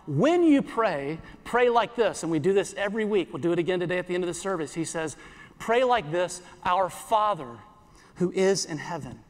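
Man, pastor, sermon, high voice, earnest, repeats phrases, church hall with long reverb. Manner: earnest, repeats phrases, slows for quoted scripture.

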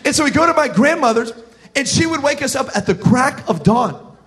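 Speaking briskly in a very high voice, a pastor from South Florida preaches with animated, joking stories, shouting out his punchlines.

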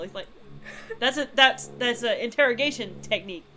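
A woman player in a casual tabletop game who tells her character's actions with lots of laughter. Her voice sits a little high, and she talks in quick, loose bursts. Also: slight background noise. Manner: animated storyteller, laughing often.

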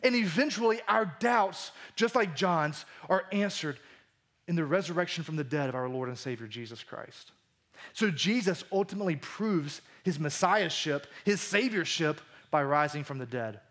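A man with a rather high voice preaches a sermon in a conversational way. He pushes his emphatic lines hard, then drops quiet and low for the weighty ones. He speaks as a pastor in a church. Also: lively intonation, normal speed. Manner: conversational preaching, swings between emphatic and hushed.

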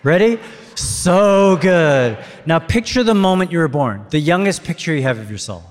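A male pastor giving an interactive sermon, leading his congregation in call-and-response and rising to excited shouts. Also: fairly high pitch, fast. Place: church hall. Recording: long hall reverb.

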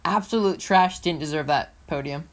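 A woman with a fairly low voice co-hosts a laid-back racing podcast. She talks in an excitable, playful ramble, full of restarts and asides. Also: moderate pace, a little hiss or hum. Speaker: co-host. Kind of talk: casual motorsport podcast chat.

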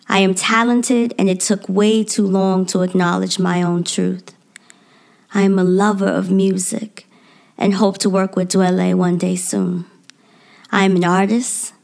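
A woman reading her own personal spoken-word piece in a measured, poetic delivery that drops to a soft near-whisper at the ends of lines. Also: medium pitch, creaky.

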